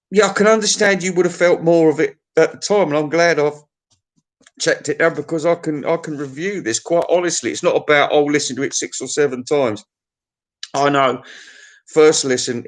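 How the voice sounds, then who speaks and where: A man giving a casual, unscripted album review, blunt and crude, swearing often and laughing at his own jokes. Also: fairly high pitch.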